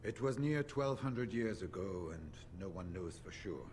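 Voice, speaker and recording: A weathered veteran warrior in a fantasy video game. He speaks in a very deep, measured and solemn voice, dropping low when he confides something grim. A faint hum sits under the game audio. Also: lively intonation, darkish tone. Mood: storytelling. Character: weathered older male warrior veteran, grave. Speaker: game character.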